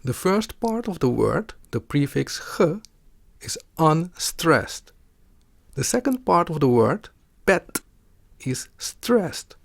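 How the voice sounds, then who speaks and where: Slow, gravelly male language teacher. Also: fairly high pitch, sing-song, no room sound. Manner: deliberate, explanatory. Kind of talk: scripted pronunciation lesson.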